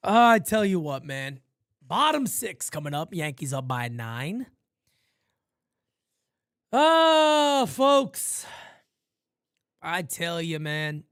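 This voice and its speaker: Animated, unhurried male fan play-by-play caller. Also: no echo, clean studio sound. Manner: shouts on big plays, mutters low asides between pitches. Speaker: play-by-play streamer. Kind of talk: live fan play-by-play commentary. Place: home studio.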